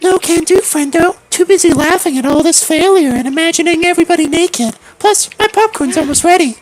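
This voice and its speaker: A man's voice: very high voice, fairly quick, pitched above the performer's own voice, low-quality recording. A man voicing a lazy, snickering teenage boy with a cocky, teasing manner. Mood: smug.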